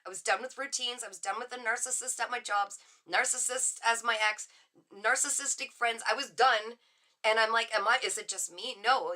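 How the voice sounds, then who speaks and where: A middle-aged woman chatting excitedly on a live tarot stream, reacting to viewer comments as she reads cards. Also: on the high side. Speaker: psychic reader on a live stream. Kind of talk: casual live tarot chat.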